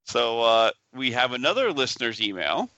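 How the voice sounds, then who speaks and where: A man's voice: medium pitch, big pitch swings, moderate pace, bright, forceful tone, no room sound, muffled recording. A man hosting a casual pinball podcast, teasing his co-host and gloating with enthusiasm.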